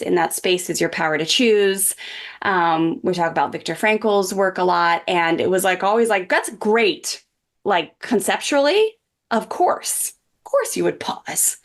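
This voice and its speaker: A woman in her forties, a parenting coach who is a guest on a podcast, tells a personal story in an earnest, chatty way with many "like" and "um" fillers. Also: lowish voice. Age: 40s.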